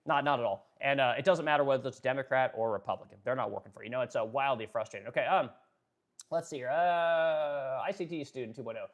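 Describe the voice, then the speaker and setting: A man hosting a political livestream, ranting, swearing freely, using many fillers, and stopping to read and answer viewer chat. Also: mid-range voice. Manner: fast-talking, ranting, profane, filler-heavy. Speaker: livestream host.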